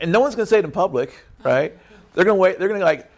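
A man preaching a lively sermon, acting out churchgoers in quick character voices and tagging lines with "right?". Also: high voice, gravelly. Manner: acts out church members in character voices, says "right?" often. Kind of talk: animated sermon.

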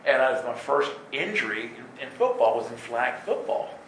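Animated storytelling man, bright voice. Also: mid-range voice, normal speed, slight background noise. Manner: animated, laughing, acts out voices in his stories. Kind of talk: storytelling talk. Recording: echoey room with faint ambience.

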